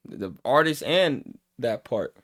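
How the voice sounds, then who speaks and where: A father who coaches youth hosts a relaxed music reaction video, animatedly breaking down the lyrics and imitating the way teenagers talk. His voice is medium in pitch and his pace is measured.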